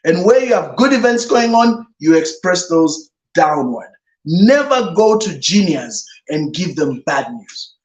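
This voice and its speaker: A reverend giving an emphatic motivational talk on leadership, often repeating "no, no, no" to dismiss ideas. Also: male voice, high-pitched. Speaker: guest speaker, reverend. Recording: roomy echo.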